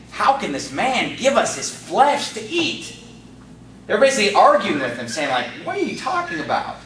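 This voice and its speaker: A man's voice: high-pitched, bright, forceful tone, slight background noise. A man preaching a sermon, reading scripture aloud and then paraphrasing it in everyday words with emphasis. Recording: roomy sound from a distance, faint ambience.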